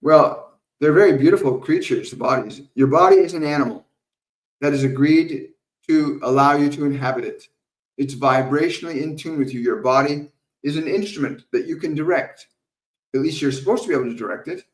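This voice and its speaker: Male medium hosting a live stream Q&A, calm and unhurried, repeats his points, sounds roomy and set back from the mic. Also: fairly high pitch, recorded from a distance. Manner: calm, slow, repetitive teaching with soft laughs. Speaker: spiritual medium answering viewer questions. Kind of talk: live Q&A stream with guided meditation.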